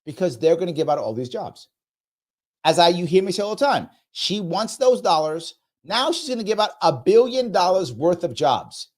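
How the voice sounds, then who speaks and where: A man's voice: sits high, sing-song, normal speed. A man hosting a live reaction show who comments in an emphatic, sarcastic and mocking way. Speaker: host of a political commentary show.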